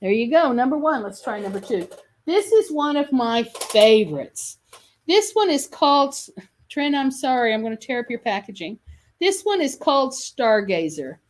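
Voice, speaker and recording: Woman, shop host, live sales video, chatty, enthusiastic, self-correcting, fairly high voice. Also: very animated, normal speed. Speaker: shop host selling quilt kits.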